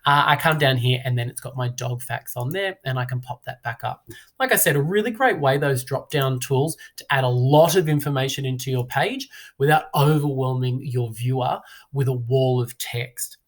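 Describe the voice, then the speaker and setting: A man, a teacher talking through a screen-recorded software tutorial in a relaxed, chatty way with many fillers. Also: medium pitch, normal speed. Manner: relaxed, chatty, frequent "uh" and "now".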